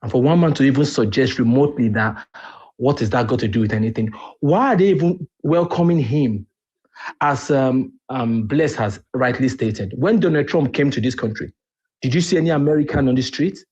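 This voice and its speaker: A man's voice: medium pitch, normal speed, a little mellow, breathy edge. A man calling in to a live talk stream, indignant and firing rhetorical questions. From family in Nigeria. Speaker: caller. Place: lives in the UK. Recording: muffled lo-fi call audio.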